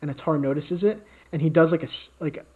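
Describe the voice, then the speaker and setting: This co-host talks fast in a fairly high, slightly rough voice while making up a story in casual podcast chat. He rambles, with lots of fillers and restarts. The recording has a tinny, phone-like quality.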